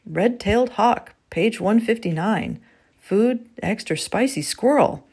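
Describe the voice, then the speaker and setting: A woman's voice: mid-range voice, lively intonation, slow, a little mellow, slightly rough, pitched above the performer's own voice, exaggerated voice. A woman voicing an earnest, shy elderly man who solemnly names birds. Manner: solemn, reverent naming of birds.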